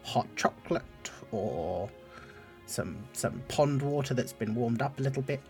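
A man's voice: medium pitch, expressive, unhurried, a little mellow, soft background music. A man voicing a tiny, damp, frog-like male creature who is timid and polite and stammers a lot. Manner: hesitant, stammering.

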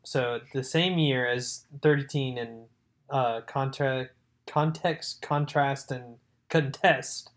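A man's voice: mid-range voice, slow. A young man co-hosting a casual podcast. He is easygoing and laughs readily while recalling college days. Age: young adult. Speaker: podcast co-host. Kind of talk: casual chat.

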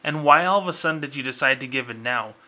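A man's voice: mid-range voice, quick pace, pushed and bright. A man hosting his own show, ranting in a casual, exasperated and sarcastic way, full of fillers and restarts. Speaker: podcast host.

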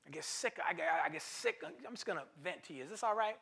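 A man's voice: high-pitched, lively intonation, quick pace, gravelly, fairly bright tone, a little hiss or hum. A man preaching a sermon as pastor, emphatic, repeating phrases for stress and calling out to the congregation. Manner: calls to the congregation.

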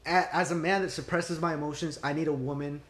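A man's voice: on the high side, fairly even intonation, quick pace, fairly bright tone. Laid-back young man in an echoey room. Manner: laid-back, swears freely, acts out quoted friends. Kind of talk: casual podcast chat.

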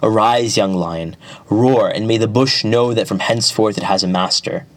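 A man's voice: lowish voice, normal speed, natural voice. A man voicing a solemn griot making a proclamation in a spoken folk tale. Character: solemn royal griot elder.

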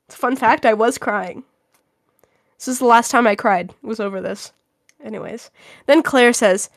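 A young woman co-hosting a casual podcast, ranting in an animated, exaggerated way and leaning on "literally". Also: a little high, normal speed, no room sound, clean studio sound. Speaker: podcast co-host. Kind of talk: casual chat.

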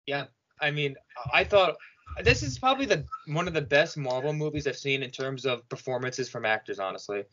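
A man's voice: medium pitch, fairly quick, lo-fi sound. A man co-hosting a casual movie podcast, enthusiastically praising the film's actors. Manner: enthusiastic, excitable. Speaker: podcast co-host.

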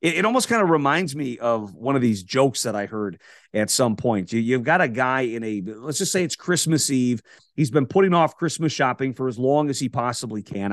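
Brief: male radio host, emphatic motivational faith talk, mid-range pitch, dead-dry booth sound. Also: expressive, fairly quick, dry recording. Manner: emphatic, builds lists of repeated rhetorical questions. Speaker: radio host and podcast guest.

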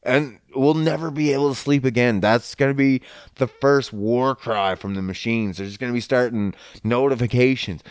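A man's voice: mid-range voice, clean tone, no echo, clean studio sound. A man in a casual, profane rant who swears often and slips into mocking voices. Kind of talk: casual ranting monologue.

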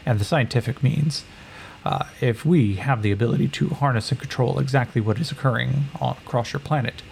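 A man doing a condescending Atlantean scientist woman, clinical lecturing tone, gravelly low-key delivery, tabletop game character. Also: darkish tone, slight background noise, lightly acted.

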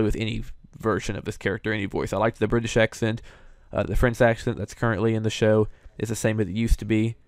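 A man's voice: lowish voice, a little mellow, no echo. A young man hosting casual commentary, an opinionated, chatty fan. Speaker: show host reviewing voice actors.

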